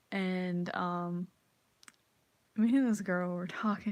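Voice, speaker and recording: A woman's voice: lowish voice, slow pace, long pauses, no echo. A woman ranting casually to camera, swearing freely and acting out the people in her stories. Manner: profane, animated storytelling, acts out quotes. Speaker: vlogger.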